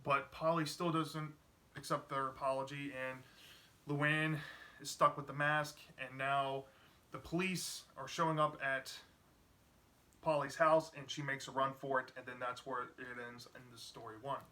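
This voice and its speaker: This man speaks at mid-range pitch, level and unhurried, with a pushed, bright tone. Acting as a book reviewer, he wanders through a story's plot in a relaxed way, padding his talk with plenty of fillers, "you know" especially.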